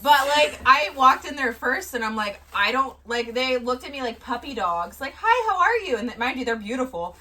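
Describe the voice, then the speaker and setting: A woman's voice: on the high side, moderate pace, hardly any pauses, far from the mic. A young woman co-hosting a casual chat, telling stories with lots of acted-out quotes and casual swearing. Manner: animated storytelling, acts out quotes, swears freely. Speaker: podcast co-host.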